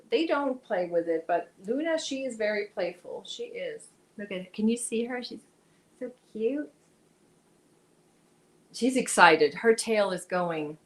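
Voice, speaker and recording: A woman's voice: medium pitch, low-quality recording. A woman hosting a casual crochet livestream, chatting with viewers, reading their comments aloud and talking to her cat.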